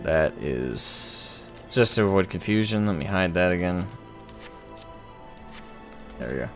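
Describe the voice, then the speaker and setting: A man's voice: low-pitched, expressive, unhurried, a bit bright, faint music behind. A man streaming a game, chatting casually and self-mockingly with viewers. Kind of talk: casual gameplay commentary.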